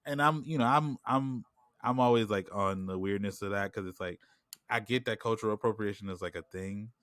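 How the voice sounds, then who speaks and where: This podcast co-host has a lowish, fairly bright voice and talks a little fast, with a New York accent and plenty of filler like "like" and "you know what I'm saying." His casual, rambling chat is captured at studio quality with no room sound.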